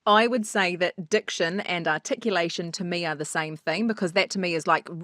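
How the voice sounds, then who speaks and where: A woman with a New Zealand accent, co-hosting a podcast as a voice coach, playful and quick to laugh, swearing casually. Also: fairly low pitch, a bit bright, no echo, clean studio sound. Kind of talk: casual chat.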